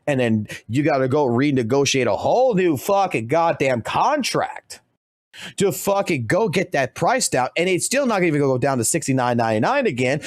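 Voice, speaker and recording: A man's voice: medium pitch, no echo, studio quality. Profane, ranting male streamer. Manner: heated, heavily profane ranting. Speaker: game streamer. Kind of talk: ranting reaction commentary.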